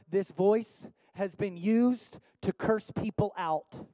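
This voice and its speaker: Man preaching, high voice, impassioned sermon, rhetorical questions, dry close sound. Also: slow pace, hardly any pauses, mellow, no room sound. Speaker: pastor. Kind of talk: sermon with altar call.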